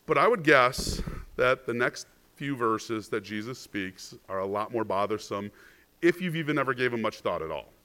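Bright-voiced man preaching conversationally. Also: medium pitch, animated, moderate pace. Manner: chatty, asks the congregation "right?"; restarts words when stressing a point. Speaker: pastor. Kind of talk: conversational sermon.

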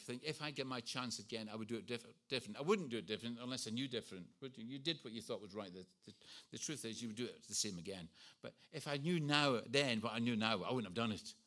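A man's voice: mid-range voice, animated, a little fast, a bit bright. Scottish preacher in his sixties. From Scotland. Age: 60s. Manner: earnest, storytelling with self-deprecating humour. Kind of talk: sermon.

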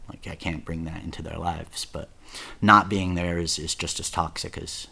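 A man's voice: deep voice, flat delivery, normal speed, creaky, pushed and bright, slightly rough. A man casually telling his own story, swearing a lot, repeating himself and saying "dude" often. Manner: profane, rambling, repeats words and says "dude" often.

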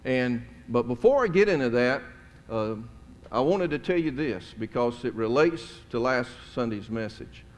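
A middle-aged pastor preaches a storytelling sermon in a church sanctuary, conversational and folksy, with chuckling asides. His mid-range voice has lively intonation and an unhurried pace, wrapped in long church hall reverb.

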